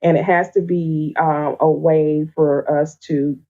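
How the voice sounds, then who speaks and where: A woman from the Atlanta area joins a podcast as a guest. Her low, warm voice comes through a somewhat muffled, lo-fi connection. She tells her stories with animated, playful energy. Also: takes it slowly. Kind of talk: casual conversation. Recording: dull lo-fi remote audio.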